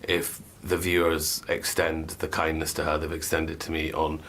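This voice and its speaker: A man giving a diary room confession in a hesitant, halting way. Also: rumbling low, completely flat delivery, a bit bright, a little hiss or hum. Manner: hesitant, halting speech with fillers. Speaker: reality show contestant.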